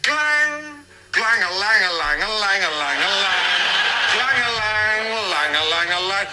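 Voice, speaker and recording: A high, giddy show-off, played by a man in a TV clip, chanting out a film intro in excited sing-song. His voice is very high for a man. Loud music drowns in behind him. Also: a little slow.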